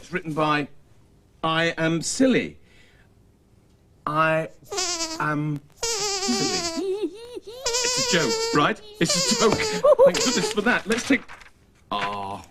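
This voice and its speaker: A man's voice: sits high, fairly bright tone, a little hiss or hum. A man hosting a comic children's puppet show, fussing and exasperated as he keeps giving in.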